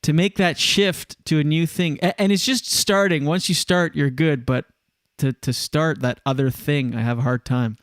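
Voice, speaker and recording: Chatty high-voiced male podcast host. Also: fairly even intonation, normal speed, few pauses, a bit bright, no echo, studio quality. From Canada. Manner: rambling, self-correcting, chatty. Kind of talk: casual live podcast chat. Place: windowless home studio room.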